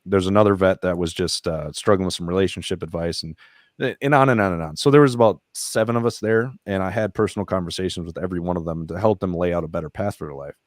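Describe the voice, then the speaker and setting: A veteran who founded a nonprofit recounts events on a podcast at a quick pace, his voice low and deep. His delivery is candid, casual, and profane, with emotion coming through as he relives each moment animatedly. Recorded in a studio, the audio is close and dry with hardly any room echo.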